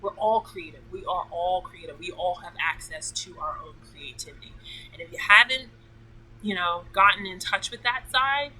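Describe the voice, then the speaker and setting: Bright-voiced enthusiastic woman host. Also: lowish voice, moderate pace, slight background noise, rough recording. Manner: enthusiastic, emotional, rambling with fillers. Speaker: podcast host. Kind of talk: casual talk to camera.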